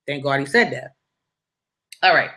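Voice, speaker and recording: Young woman spilling a story time, slangy, keeps asking you feel me, bright tense voice. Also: extremely low pitch, expressive, unhurried. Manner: slangy, conversational, asks listeners if they follow. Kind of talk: casual storytelling to camera.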